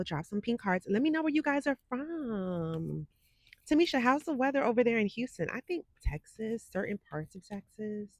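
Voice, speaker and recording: A woman's voice: medium pitch, dry recording. A woman in her forties hosting a psychic livestream, chatting sassily and talking straight to her viewers. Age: 40s. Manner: chatty, sassy, talks to viewers directly. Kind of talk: casual livestream chat. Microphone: desk microphone.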